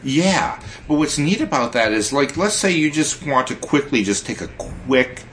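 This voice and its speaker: A man co-hosting a casual tech podcast, unhurried and hesitant, with many ums and restarts as he explains features. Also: medium pitch, lively intonation, a bit bright, slight background noise. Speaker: podcast co-host.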